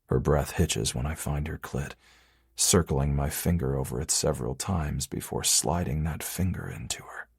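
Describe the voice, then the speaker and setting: A man reads a first-person romance audiobook in a very deep, husky voice. His delivery is low, intimate and measured. The recording is close and dry. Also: no room sound. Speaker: audiobook narrator.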